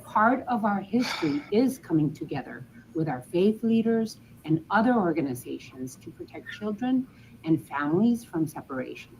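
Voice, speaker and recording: A woman mayor delivering a prepared public statement in an earnest, measured way. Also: on the low side, very animated, darkish tone, a little hiss or hum, low-quality recording.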